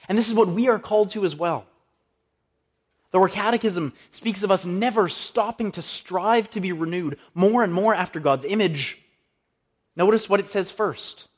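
High-voiced man preaching a sermon. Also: husky. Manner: earnest pulpit preaching, cites scripture references.

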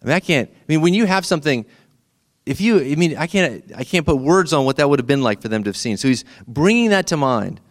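A middle-aged man preaches a sermon in a relaxed, conversational way. His voice sits a little high for a man, and he keeps asking his listeners questions as he talks them through the story. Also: quick pace. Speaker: pastor.

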